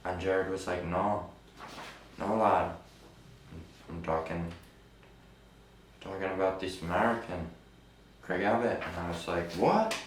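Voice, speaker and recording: Rambling mock-French deposed king, slow and pompous, man doing the voice. Distant, noisy, roomy recording. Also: sits low, fairly even intonation. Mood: boastful. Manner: rambling, self-important, bragging. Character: boastful deposed male "king of 2021".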